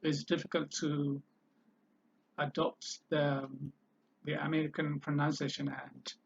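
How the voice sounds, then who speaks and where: A man teaching a language lesson, repeating each word several times and pausing to think with fillers. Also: a little high, level tone, vocal fry, slight background noise. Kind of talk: slow spoken language lesson. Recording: slightly dull, lo-fi sound.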